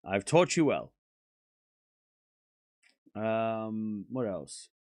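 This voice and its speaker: A man's voice: fairly low pitch, very animated, darkish tone, no echo, clean studio sound. A young man with an Australian accent hosting a casual livestream, chatting with viewers and joking as he answers their questions. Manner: playful, jokey, quick to laugh and exclaim. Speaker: streamer hosting a tennis watchalong.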